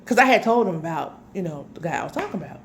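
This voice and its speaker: A woman with a lowish voice races through a personal story very fast. She's chatty and animated, speaking directly to her listeners as "y'all" and dropping in dramatic asides.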